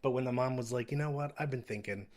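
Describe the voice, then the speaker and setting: A young man co-hosts a podcast in a relaxed, rambling way, chuckling often as he goes. His voice sits at an ordinary middle pitch and his delivery stays easygoing and conversational. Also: fast. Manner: laid-back, chuckling, rambling storyteller. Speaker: podcast co-host. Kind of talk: casual chat.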